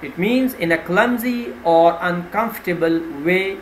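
A man teaching vocabulary, reading out each word with its meaning and an example sentence in a slow, deliberate way, pointing out which syllable to stress. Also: high voice. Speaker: English teacher. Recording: roomy with faint ambient noise.

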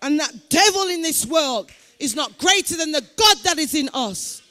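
A woman pastor leading fervent prayer in a church, preaching in a sing-song cadence, breaking into tongues and shouted declarations. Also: sits high, expressive, normal speed. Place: church building.

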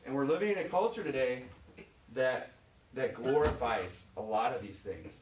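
A man's voice: mid-range voice, animated, normal speed, a little mellow, a little hiss or hum. Michigan guy preaching a chatty sermon, lots of you knows, mic far off in an echoey church. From Michigan, USA. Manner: conversational, many "you know"s, asks the congregation questions. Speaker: pastor. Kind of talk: informal sermon. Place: church sanctuary.

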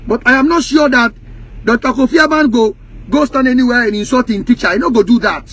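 A Ghanaian man speaking in Pidgin English, his voice pitched unusually high for a man. He rants heatedly and mockingly to the camera, now and then breaking into sing-song taunts. His tone has a husky, breathy edge throughout. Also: fast, fairly bright tone. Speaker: music industry commentator.

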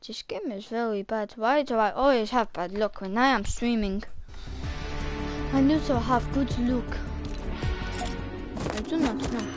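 A woman's voice: on the high side, unhurried, pauses often. A woman streaming a game live, complaining about the game and her bad luck. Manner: complaining, exasperated. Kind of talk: casual live gameplay commentary. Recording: game music clearly behind.

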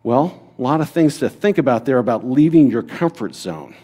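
A man's voice: mid-range voice, lively intonation, normal speed, warm tone. Conversational male pastor asking rhetorical questions. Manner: conversational, rhetorical questions, frequent "right?" asides. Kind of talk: teaching a Bible lesson to a congregation.

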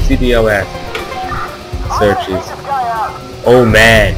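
A man's voice: mid-range voice, slow pace, rough recording. A man giving casual let's-play commentary, chatty and musing aloud, with sudden exclaims at setbacks. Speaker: gamer playing through an action game. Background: game music.

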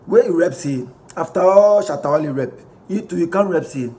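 A man with a Ghanaian accent giving casual vlog commentary, reading posts aloud in an animated way, mixing pidgin and English and chuckling often. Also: fairly high pitch, brisk. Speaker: vlogger reacting to online posts.

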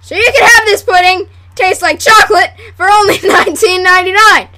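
A woman putting on a hyper male pitchman selling pudding in a mock commercial, shouting frantically. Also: a little fast, background noise. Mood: manic shouting.

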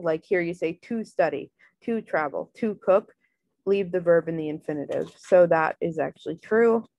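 A woman tutoring Spanish in a casual online lesson, loose and relaxed, full of "um" and "like". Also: lowish voice, no room sound, highs cut off. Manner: relaxed, filler-heavy, many "um" and "like".

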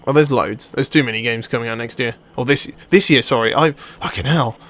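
A young man giving live commentary over his own gameplay, chatty and excitable, swearing and shouting at the players on screen. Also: mid-range voice, a little fast. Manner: excitable, swears and yells at the game. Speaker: let's play commentator.

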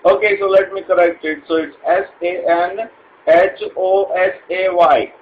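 A man's voice: high voice, steady tone, unhurried, phone-quality sound, a little hiss or hum. A man voicing a polite, formal male call center agent with an Indian accent in a comedy sketch, hesitant and full of fillers. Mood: politely formal.

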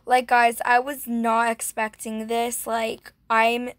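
Slow-talking young woman gushing over gameplay. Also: fairly high pitch, completely flat delivery, dry recording. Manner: gushing, breathy gasps, lots of "like". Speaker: gaming vlogger. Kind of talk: casual gameplay commentary.

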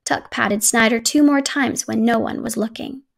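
A woman reads a children's picture book aloud, gentle and even in her telling. Her voice sits a little high with a steady gravelly fry. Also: moderate pace. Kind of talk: storybook read-aloud.

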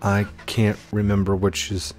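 A young man hosting a gaming channel, giving chatty, excitable gameplay commentary with frequent exclamations. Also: on the low side, measured pace, faint music behind.

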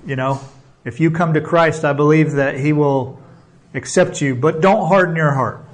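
Earnest, high-voiced male preacher. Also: moderate pace. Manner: earnest, exhorting, with repeated "okay?" and "right?" checks; builds emphasis by repeating phrases. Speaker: pastor. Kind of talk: sermon.

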